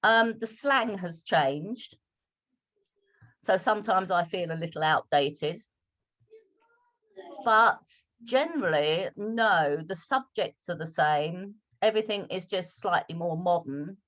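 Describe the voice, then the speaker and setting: A British woman English teacher from London, speaking with a polished RP accent in measured, slowed speech on a video call. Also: on the low side, fairly bright tone. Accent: British RP, London roots. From London, England. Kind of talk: online Q&A talk.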